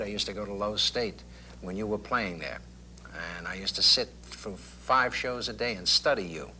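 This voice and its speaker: A middle-aged man with a very bright, sharp voice recounts his career as a comedian, thoughtful and anecdotal. Faint hiss and hum sit under him, as on an old broadcast tape. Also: low-pitched. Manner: thoughtful, anecdotal, with clipped impressions. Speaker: comedian guest. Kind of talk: talk show interview.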